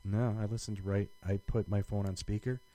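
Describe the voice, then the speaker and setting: A man's voice: lowish voice, little pitch movement, moderate pace, dark tone, poor audio. A man co-hosting a podcast in casual chat, rambling with many restarts and fillers. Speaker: podcast co-host.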